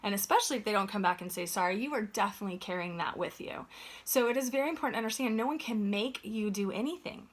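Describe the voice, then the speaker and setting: A woman's voice: mid-range voice, fast talker. A woman giving an earnest, conversational motivational talk as a life coach, often checking in with "right?".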